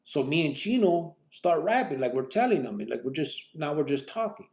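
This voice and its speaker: A man's voice: a little high, big pitch swings, fairly quick, gravelly, darkish tone. A man telling his own story on a podcast in casual street slang, rambling with many fillers and acting out other people's lines.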